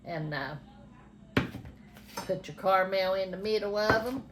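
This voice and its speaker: A woman's voice: medium pitch, a little slow, heavy background noise. An older woman, a grandmother, chatting homespun through a cooking demonstration in a home kitchen. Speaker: grandmother showing a recipe.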